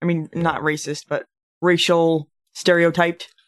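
A podcast co-host of unclear sex in casual chat, speaking at a middle pitch. The talk is halting, full of fillers and restarted phrases. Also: level tone.

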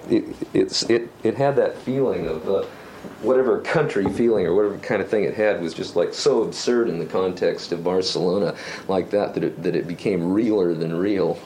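A man with a very low voice recalls an anecdote in an archival interview. He rambles and restarts often, searching for words, and a faint noise sits under the recording. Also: a little mellow. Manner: rambling, halting, with many fillers and restarts. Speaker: songwriter being interviewed.

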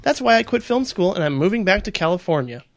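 A man's voice: high voice, big pitch swings, fast talker. A man co-hosting a casual podcast chat, reading a listener letter aloud with laughing asides. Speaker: podcast co-host.

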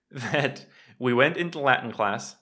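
A man's voice: medium pitch, expressive, slow pace, pushed and bright. A young man co-hosting a casual podcast, telling a rambling story, swearing freely and acting out what people said. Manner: rambling storyteller, swears often, acts out quoted lines. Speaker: podcast co-host. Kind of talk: casual chat.

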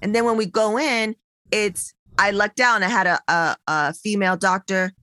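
Bright, animated woman telling a story. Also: mid-range voice, normal speed, no echo. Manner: animated, profane storytelling with quoted voices. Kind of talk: casual chat.

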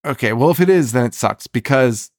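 A man's voice: mid-range voice, brisk, dry recording, clean studio sound. Laughing, swearing man recapping a horror film. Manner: animated, profane, laughs often while retelling scenes. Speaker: podcast co-host. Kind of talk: casual movie recap chat.

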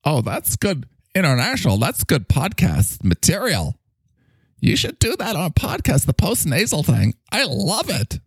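A man voicing a cocky, needy male talking microphone that swoops in pitch and bursts into shouts. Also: huge pitch swings, measured pace, slightly rough, dry recording, clean studio sound, exaggerated voice. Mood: gushing. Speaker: podcast co-host character. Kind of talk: improvised comedy bit.

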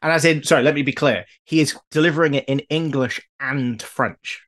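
A man's voice: mid-range voice, a little fast, a bit bright. Enthusiastic man chatting on a podcast. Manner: enthusiastic storyteller, hesitant restarts. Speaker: podcast co-host. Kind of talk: casual chat.

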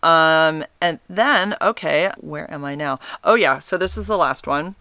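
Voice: medium pitch, measured pace, bright, forceful tone, clean tone, dry recording. A vlogger telling a personal dating story in a casual, rambling way, often correcting themself, open and emotionally candid.

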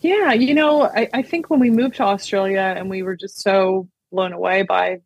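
American woman guest, 30s, husky edge, dry close mic, rambling friendly chat. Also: medium pitch, normal speed, dry recording. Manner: chatty, many fillers and restarts, laughs often. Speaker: sommelier and wine importer, guest. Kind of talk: casual podcast interview.

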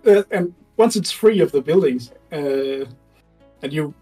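A man narrating as game master of a tabletop game, animated and laughing often, halting with fillers. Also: a little high, breathy edge, soft background music, low-quality recording.

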